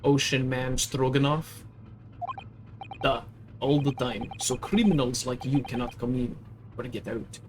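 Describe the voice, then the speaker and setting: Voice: medium pitch, background noise, close to an everyday voice. A streamer voicing a rude, burly male ship crewman with a mock Russian accent in a video game reading, using clipped broken English. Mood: haughty. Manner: gruff, clipped broken English, slow and loud.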